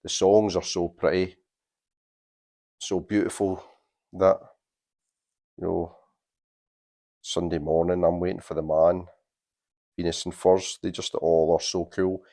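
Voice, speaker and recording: Male vinyl vlogger, low voice, chatty and enthusiastic, casual collection show-and-tell. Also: flat delivery, slow pace, long pauses, dark tone. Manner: chatty, enthusiastic, shows records while talking. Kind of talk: casual record-collection vlog.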